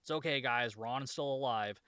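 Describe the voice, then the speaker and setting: A man's voice: medium pitch, a little fast, a bit bright, clear, resonant tone, no echo. Sarcastic man recapping a movie. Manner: sarcastic, swears, lots of "like". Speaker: podcast host reviewing a shark movie. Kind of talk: casual spoken movie recap.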